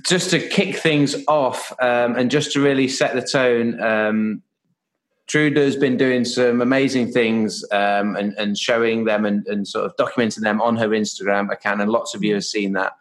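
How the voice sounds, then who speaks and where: A man's voice: fairly low pitch, steady tone, normal speed, poor audio. A man hosting a fitness podcast, chatty and playful, with frequent um fillers. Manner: jokey, laughs often, many um fillers. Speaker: podcast host. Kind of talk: casual podcast chat.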